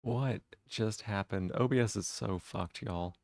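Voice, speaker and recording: A man's voice: fairly low pitch, unhurried, gravelly, darkish tone, no echo, studio quality. A man live-streaming, chatting casually with viewers in a teasing way and swearing freely.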